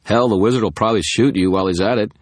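A man's voice: fairly low pitch, very fast, dry recording, clean studio sound, pitched above the performer's own voice, natural voice. A man voicing a sneering, brutish male werewolf agent who growls his lines in a storybook reading.

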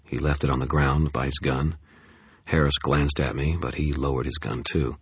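Man, first-person audiobook narration, wry and tense, extremely deep voice, dry close sound. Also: fairly even intonation, moderate pace, breathy edge, dry recording.

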